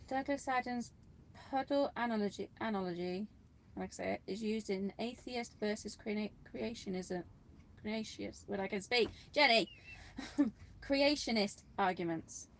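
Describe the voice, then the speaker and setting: A woman's voice: mid-range voice, measured pace, slight background noise. Giggly woman co-hosting a live chat. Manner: giggly, teasing, reads out viewer comments. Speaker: co-host. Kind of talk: casual livestream chat.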